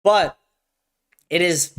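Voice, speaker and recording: A man's voice: high-pitched, very slow, fairly bright tone. A man hosting a solo commentary show, ranting heatedly with lots of swearing and stumbling restarts. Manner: heated, profane, repeats words when starting sentences. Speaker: show host.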